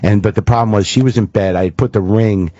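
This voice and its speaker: A man's voice: fairly low pitch, fairly even intonation, fast, warm tone, no room sound. A middle-aged man spins a long, rambling story on a radio talk show, swearing freely and poking fun at himself. He is recorded with a close, dry studio mic, and the audio sounds slightly dull. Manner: rambling, profane, self-deprecating storytelling. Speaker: guest comedian. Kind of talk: casual radio chat, storytelling.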